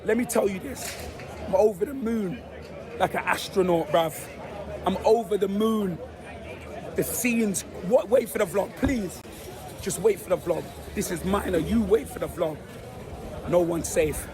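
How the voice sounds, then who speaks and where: A young London man, voice hoarse and nearly gone, films an excited fan vlog on his handheld phone outside a stadium after a football win. He speaks high-pitched and at a measured pace, pausing often, with loud, boastful street-slang banter over a noisy crowd of fans on the street.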